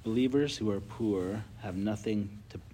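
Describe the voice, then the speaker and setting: A man's voice: on the low side, normal speed, mellow, slight background noise. A man leading a casual group Bible study, telling stories with lots of filler words and reading Scripture aloud.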